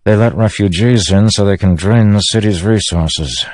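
A man's voice: lowish voice, moderate pace, a little mellow, no echo, studio quality, voice pushed up, lightly acted. A man voicing a confident young nobleman in an audiobook. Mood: assured.

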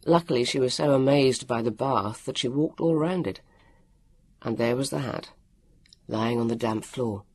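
Gravelly male storybook narrator. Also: mid-range voice, normal speed, no room sound. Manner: lively, expressive reading with acted voices. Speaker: audiobook narrator.

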